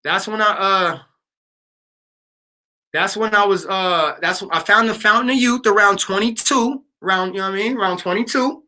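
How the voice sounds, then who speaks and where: High, bright-voiced man chatting on a livestream. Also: normal speed. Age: 30s. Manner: loose, storytelling, lots of fillers and slang. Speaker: livestream host. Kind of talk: casual livestream chat with viewers.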